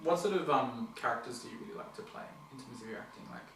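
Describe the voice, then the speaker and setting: A woman hosting a casual interview, eager and quick, filling gaps with constant yeahs. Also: very deep voice, animated, a bit bright, slight background noise. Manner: quick, eager, lots of "yeah, yeah" backchannel. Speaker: interview host. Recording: echoey room, distant mic.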